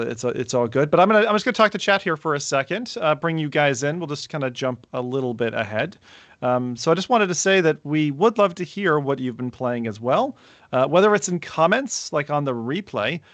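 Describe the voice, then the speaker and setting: A man with a slightly raised pitch hosts a casual podcast chat. He jokes his way through introductions and housekeeping. The sound is very dry and close. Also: a bit bright, no room sound. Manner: joking, playful introductions. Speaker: podcast host. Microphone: remote call setup.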